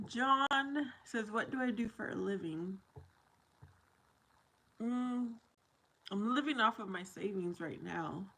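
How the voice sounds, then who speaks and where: A woman's voice: fairly high pitch, takes it slowly, pauses often, sharp tone, poor audio. A woman hosting a casual livestream from her kitchen while washing dishes, reading viewer comments aloud and laughing often. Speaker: livestream host.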